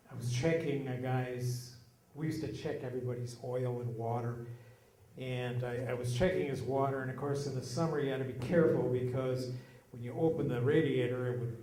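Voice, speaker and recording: An older man telling funny stories from his childhood, putting on customers' voices in higher tones. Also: a little mellow, a little hiss or hum. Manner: acts out customers' lines in raised voices. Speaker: local storyteller. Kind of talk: casual anecdotal storytelling. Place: small hall at a historical society talk. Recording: roomy hall recording with faint ambience.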